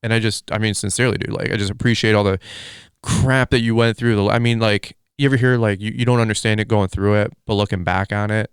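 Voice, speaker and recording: A man hosting a podcast in casual chat, rambling excitably with lots of fillers. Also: fairly low pitch, fast talker, clean tone, no echo, studio quality. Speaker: podcast host.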